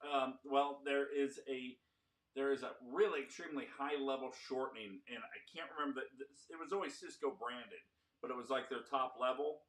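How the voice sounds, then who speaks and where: A man's voice: mid-range voice, brisk, fairly bright tone, poor audio. A man co-hosting a podcast, chatting casually and explaining things at length with lots of fillers and restarts. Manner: rambling, enthusiastic explainer with fillers. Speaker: podcast co-host.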